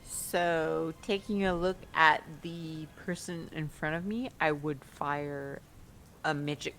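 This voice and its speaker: A woman's voice: low voice, fairly even intonation, takes it slowly, a bit bright, slight background noise. A woman playing a tabletop game, hesitant and full of ums, with the hiccups. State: has the hiccups. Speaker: player.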